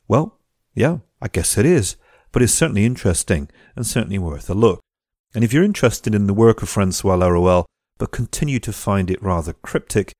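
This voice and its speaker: Low-voiced wry male podcast host. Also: darkish tone, no room sound, studio quality. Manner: wry, jokey asides. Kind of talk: podcast introduction.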